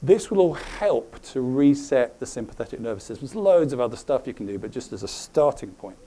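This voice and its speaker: A middle-aged man giving a live presentation to an audience, animated and often checking in with questions. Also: mid-range voice, fairly quick. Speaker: presenter at a health talk.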